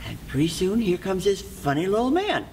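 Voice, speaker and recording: A storyteller telling a fairy tale aloud in a lively, expressive way, leaning on repeated phrases and simple rhythm. The voice sits mid-range, with faint room ambience behind. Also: mid-range voice, brisk, slight background noise, low-quality recording.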